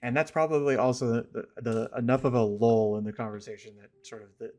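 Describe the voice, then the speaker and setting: A man narrating a tabletop game as game master, easygoing and halting, with frequent laughs. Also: medium pitch, steady tone, a little mellow.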